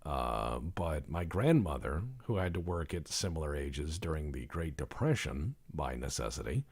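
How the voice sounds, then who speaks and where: A man's voice: rumbling low, sing-song, normal speed, gravelly, darkish tone, breathy edge. A man hosting a let's-play video, chatting casually in a rambling, profane, self-deprecating way. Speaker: gaming channel host.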